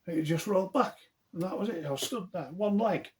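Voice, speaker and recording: A middle-aged man, telling a funny story from his own life in an animated, earthy, self-mocking way. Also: sits high, fairly quick, a little hiss or hum. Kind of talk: humorous personal storytelling.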